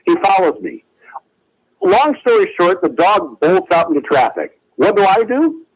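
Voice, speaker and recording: A man calling in to a radio talk show, telling a story excitedly and acting out the quotes. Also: high-pitched, unhurried, breathy edge. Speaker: caller. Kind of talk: animated phone-in storytelling. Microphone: telephone. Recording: phone line.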